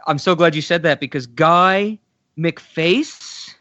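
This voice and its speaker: A man's voice: fairly high pitch, slow, bright, forceful tone. A man co-hosting a casual film podcast, bantering playfully and laughing along. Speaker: podcast co-host. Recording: dull lo-fi podcast audio.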